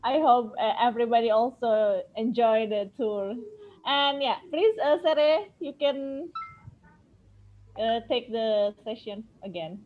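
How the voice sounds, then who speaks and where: Slow, chatty woman on a video call. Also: fairly high pitch. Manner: relaxed, chatty, laughs often. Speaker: course moderator. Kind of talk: casual online chat. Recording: muffled video call audio.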